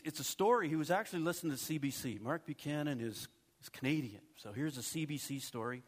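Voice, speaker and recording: Middle-aged pastor guy giving a sermon, kinda high voice, talks like he's chatting with the crowd, lots of "okay?". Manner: conversational preaching with asides and tag questions.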